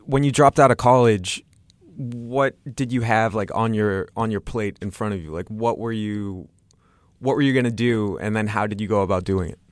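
A man with a fairly low voice interviews his guest. He asks curious follow-up questions in a loose, conversational way. The recording is dry and close. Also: steady tone, normal speed, no room sound.

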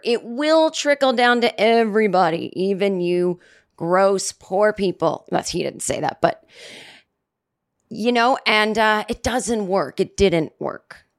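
A woman's voice: a little high, animated, normal speed. A middle-aged woman hosting a solo comedy podcast, talking into a studio microphone in a sarcastic, rambling way full of self-deprecating asides. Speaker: podcast host.

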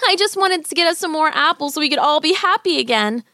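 A woman's voice: high voice, animated, quick pace, sharp tone, dry recording, clean studio sound, pitched above the performer's own voice, full character voice. A woman voicing an anxious, earnest young boy. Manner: worried, earnest.

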